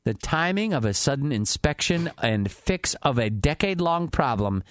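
A man's voice: fairly high pitch, big pitch swings, moderate pace. A man co-hosting a casual talk show, teasing and wisecracking. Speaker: co-host. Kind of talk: casual banter.

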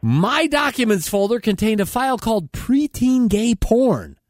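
A man's voice: very high voice, sing-song, a little slow, slight background noise. A man reading joke news stories in a mock-serious way, often breaking into laughter. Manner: laughs through his own lines, mock-serious. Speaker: comic news reader.

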